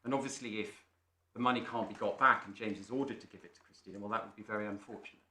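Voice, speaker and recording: A male barrister making measured, formal submissions to appeal judges, with small restarts. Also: lowish voice, fairly even intonation, bright, forceful tone. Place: large echoey courtroom. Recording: echoey courtroom, faint noise.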